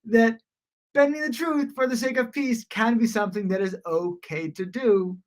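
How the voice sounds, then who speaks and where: A woman teaching a daily Talmud lesson in a casual, conversational way, often pausing on "you know" and restarting her sentences. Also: on the high side.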